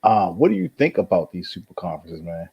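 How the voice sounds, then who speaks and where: A man with a lowish voice that swings up and down talks sports in a relaxed way on a podcast. He is easygoing and drops "man" into most of his lines. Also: fast, gravelly, breathy edge, dull audio. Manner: laid-back, says "man" a lot, lively intonation. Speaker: podcast co-host. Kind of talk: casual sports chat.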